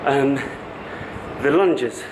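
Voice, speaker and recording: A man's voice: mid-range voice, extremely slow, over music, rough recording. A man who coaches fitness, talking casually to the camera in a vlog and explaining things in loose, stop-start phrases.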